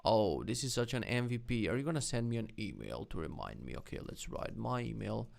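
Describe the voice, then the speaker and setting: Male streamer, casual and irreverent, mouthy commentary with a gravelly edge. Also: on the low side, very animated, brisk, darkish tone. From lives in Poland. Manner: blunt, swears freely, mocking asides. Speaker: live streamer reviewing web projects.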